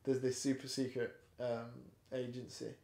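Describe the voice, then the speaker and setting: A young man talks through a film in a relaxed, meandering way, pausing often on ums. His tone is mellow and dark. The room around him rings with a noticeable echo. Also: medium pitch. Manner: rambling, hesitant, many ums. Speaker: podcast co-host. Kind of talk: casual film review chat. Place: home flat. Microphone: camera in a room. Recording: echoey room.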